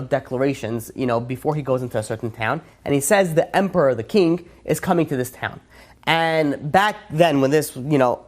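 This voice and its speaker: A man, a rabbi, teaching a religious class in an emphatic way with rhetorical questions and frequent restarts. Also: on the high side. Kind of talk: religious lecture.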